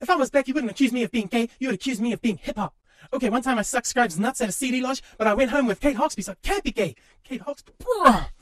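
High-voiced fast New man. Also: animated, fairly bright tone, no room sound. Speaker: comedy narrator. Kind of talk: crude parody sketch narration.

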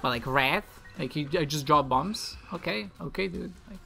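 A woman with a low, gravelly voice talks through her gameplay in a loose, chatty way. She rambles and restarts, laughs at herself often, and keeps a relaxed, self-deprecating tone. Faint music plays underneath. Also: normal speed. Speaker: gaming video creator. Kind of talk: casual let's-play commentary.

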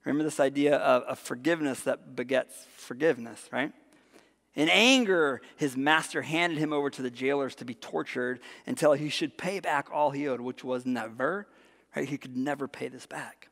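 A man preaching a sermon as pastor, animated and conversational, tossing in frequent rhetorical asides. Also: mid-range voice, normal speed, vocal fry, long reverb tail. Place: church sanctuary.

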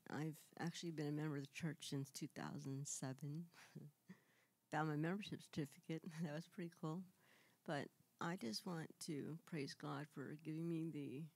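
A woman shares a testimony in a church sanctuary. Her voice is fairly low, and the sound is dry and close. She speaks from the heart, holding back tears and pouring words out in quick bursts. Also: darkish tone, no room sound. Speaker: church member giving testimony.

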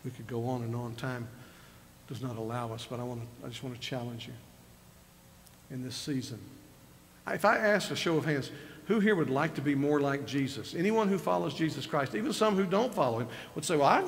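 Older guy preaching, kinda gravelly, long church echo, faint hum behind. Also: mid-range voice. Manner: conversational preaching, retells scripture with rising emphasis. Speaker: pastor. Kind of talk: sermon. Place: church sanctuary. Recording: reverberant church hall with faint ambience.

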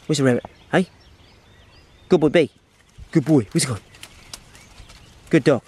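A man's voice: a little high, measured pace, darkish tone, husky. A man filming himself on a farm, giving casual hunting commentary, swearing freely and talking to his dog. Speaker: hunting vlogger. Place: outdoors on a farm.

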